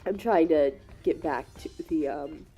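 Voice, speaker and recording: Slow, low-voiced woman with a cold. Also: mellow, breathy edge, faint music behind. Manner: apologetic, rambling with many fillers. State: sick with a cold, congested and sniffly. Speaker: gaming channel host. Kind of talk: casual gameplay commentary.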